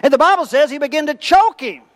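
Man, sermon, animated storytelling, high voice, long hall reverb. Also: fast. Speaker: pastor.

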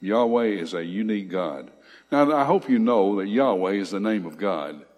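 Man, preacher, sermon, lowish voice, emphatic scripture reading, long hall echo. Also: lively intonation, normal speed, darkish tone. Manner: reads scripture aloud with swelling emphasis, frequent fillers.

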